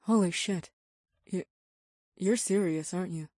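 A wary, defiant young witch with a sharp tongue and a high, lifted voice, as a male narrator puts her on. She sounds close and dry, with no room around her. Her lines carry a suspicious edge. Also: flat delivery, moderate pace, dry recording, close to an everyday voice. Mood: shaken.

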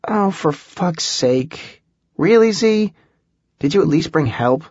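A man's voice: mid-range voice, animated, measured pace, breathy edge, no echo, dull audio. A man voicing a tough, sarcastic young woman survivor in an audiobook, blunt and wisecracking. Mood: exasperated.

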